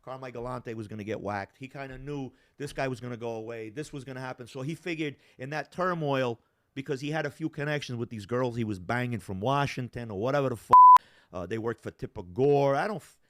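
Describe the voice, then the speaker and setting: A man telling a story in casual talk, profane and animated, acting out the voices of the people in it. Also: medium pitch, fairly quick. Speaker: storyteller guest.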